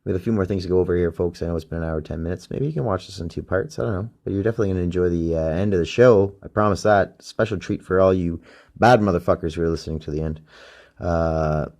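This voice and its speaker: A man's voice: deep voice, quick pace, a little mellow. A man hosting a solo podcast, rambling and ranting with heavy swearing, recorded on a phone used as a microphone. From Canada. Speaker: podcast host.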